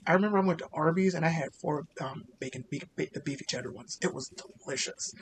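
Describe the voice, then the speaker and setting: A man's voice: a little high, slight background noise. A man voicing a creepy young male anime-obsessed customer who talks in a mumbled, rambling way.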